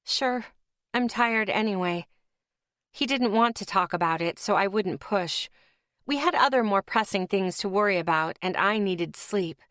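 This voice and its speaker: Woman, audiobook narrator, first-person romance, soft, expressive, close mic, dry studio sound. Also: mid-range voice, moderate pace, no echo.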